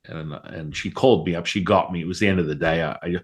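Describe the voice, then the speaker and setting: A middle-aged man telling a story in a casual interview, animated and profane, acting out his own side of the dialogue. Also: sits low, fast, slightly rough. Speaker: guest, Taoist priest.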